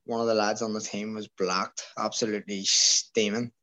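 A man's voice: fairly low pitch, little pitch movement, normal speed, bright, forceful tone, low-quality recording. A young Irish man, a guest, telling a rowdy anecdote in casual talk, swearing often and acting out what others said. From Ireland. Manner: swears freely, acts out quotes of others. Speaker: guest, former amateur boxer. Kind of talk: casual storytelling.

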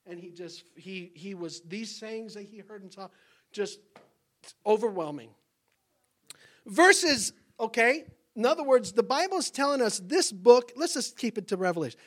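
High-voiced animated male preacher. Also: moderate pace. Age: adult parent. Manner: animated, exclaims and acts out little dialogues. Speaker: pastor. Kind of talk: sermon.

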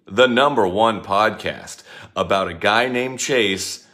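Deep-voiced man reading an intro flatly. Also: slow. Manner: flat, unenthusiastic reading. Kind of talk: recorded podcast intro.

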